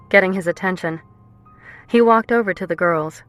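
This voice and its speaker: Low-voiced woman reading a romance. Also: moderate pace, long pauses, a bit bright, soft background music. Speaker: audiobook narrator. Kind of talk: scripted narration.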